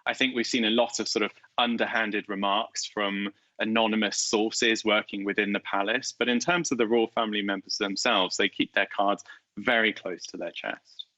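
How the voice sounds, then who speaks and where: A man answering interview questions as an author, in a measured, articulate way with light emphasis. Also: lowish voice, steady tone, bright, forceful tone, no echo, poor audio. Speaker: guest author.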